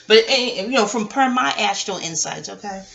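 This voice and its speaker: A woman vlogs from home about reality TV, wandering through a loose monologue packed with swearing, laughter and animated ranting. She talks at normal speed with a medium pitch and vocal fry.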